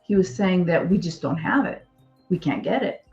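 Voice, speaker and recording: A woman's voice: lowish voice, expressive, normal speed, vocal fry, a little mellow, soft background music. Blunt lady explaining legal stuff on a podcast, echoey room, kinda dull sound. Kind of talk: casual discussion.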